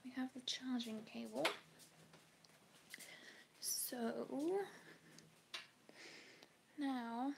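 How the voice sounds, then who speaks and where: A woman with a slightly high, gravelly voice talks slowly through her sewing on a home livestream. She keeps slipping into muttered whispers to herself. The audio carries clear background noise. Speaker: sewing vlogger. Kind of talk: casual livestream chat while sewing.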